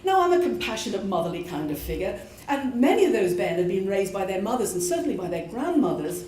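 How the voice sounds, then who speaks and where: A woman's voice: mid-range voice, fast talker, a little hiss or hum. A British woman and former prison chaplain, telling a true personal story expressively at a live show. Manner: animated, expressive. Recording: echoey room from a live show.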